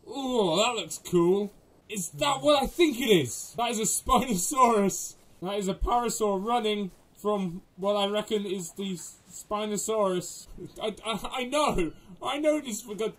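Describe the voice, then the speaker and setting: High-pitched excitable male gamer. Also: poor audio. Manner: excitable, yelps and laughs often; talks to the game characters. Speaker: gaming channel host. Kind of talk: let's play commentary.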